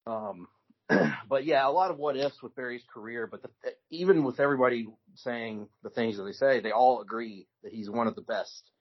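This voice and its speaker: A man co-hosting a podcast in casual chat, telling stories in a relaxed way with frequent restarts. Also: mid-range voice, moderate pace, husky. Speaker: podcast co-host. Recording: dull lo-fi recording.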